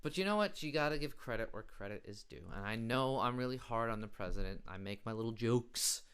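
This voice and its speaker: A male comedy host runs through a sarcastic monologue, mocking his subject. His pitch swings widely and keeps the delivery animated. The voice is smooth and clear, at a middle pitch for a man. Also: fairly quick. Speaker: late-night comedy host.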